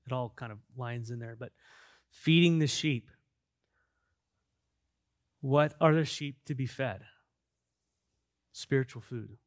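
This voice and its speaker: A man preaching as a pastor, earnest and emphatic, dropping to quiet stretches and then building back up. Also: mid-range voice, slow pace, long pauses, no echo, studio quality. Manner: earnest, emphatic preaching that swings between soft and loud. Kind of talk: sermon.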